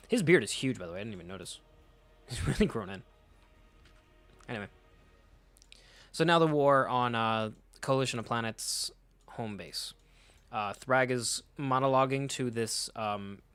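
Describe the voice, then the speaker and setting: A man's voice: lowish voice, a bit bright, dry recording. A man casually reading through comic issues and chatting about them, joking, swearing freely and correcting himself mid-sentence. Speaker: comic book reader and commentator.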